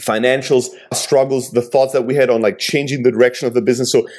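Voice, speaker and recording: A man's voice: medium pitch, steady tone, fast talker, darkish tone. A man hosting a casual conversation, open and reflective as he asks questions and shares stories.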